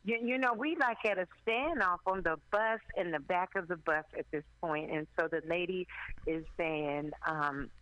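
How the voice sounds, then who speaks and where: Animated woman telling a rambling story. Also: on the low side, normal speed, no echo, lo-fi sound. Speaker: radio co-host. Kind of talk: casual storytelling.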